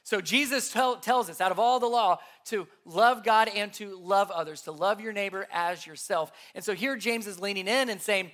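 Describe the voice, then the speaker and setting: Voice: mid-range voice, moderate pace, few pauses, a bit bright. A pastor teaching a sermon in an earnest way, repeating key points and asking the audience questions. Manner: asks the audience rhetorical questions.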